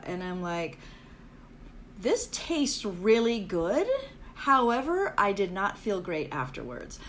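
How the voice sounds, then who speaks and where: A woman's voice: mid-range voice, fairly bright tone, a little hiss or hum. Chatty Valley-girl-style woman. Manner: self-deprecating, chatty and upbeat. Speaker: livestream host. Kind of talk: casual live chat with viewers.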